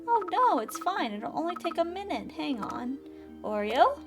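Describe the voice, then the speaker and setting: A woman's voice: high voice, sing-song, normal speed. A woman voicing a cheerful, eager young witch who runs a bakery, over game music. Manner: bubbly, eager.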